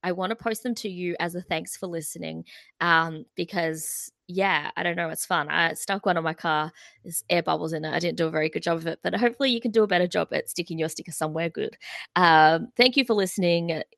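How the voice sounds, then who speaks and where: A woman's voice: on the low side, fairly even intonation, brisk, gravelly, fairly bright tone, no room sound. A woman co-hosting a music podcast, chatting in a bubbly, filler-heavy way. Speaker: podcast co-host. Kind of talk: casual music podcast chat.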